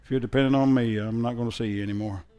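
A man preaching a sermon in a conversational way that builds into loud, emphatic preaching, often using a sarcastic tone. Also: mid-range voice, fairly even intonation. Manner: reads scripture in a slow, mocking sarcastic tone. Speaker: pastor.

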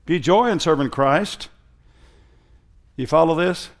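High-voiced preacher, emphatic and sarcastic. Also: male voice, creaky. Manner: conversational, rising to loud emphatic preaching; reads scripture in a slow, mocking sarcastic tone. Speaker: pastor. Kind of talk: sermon.

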